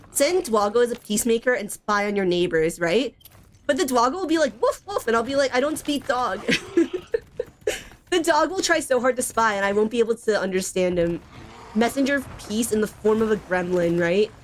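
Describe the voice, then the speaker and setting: A young woman streaming a video game, chatting casually and giggling, with lots of "like" and "bro" in her talk. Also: a little high. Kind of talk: casual gaming stream chat.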